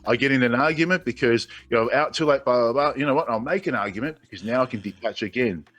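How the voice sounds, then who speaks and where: A man's voice: mid-range voice, fast talker, a bit bright, no echo, muffled recording. A man in his forties with an Australian accent, a guest on a casual radio chat, telling stories and acting out the people he quotes. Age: 40s.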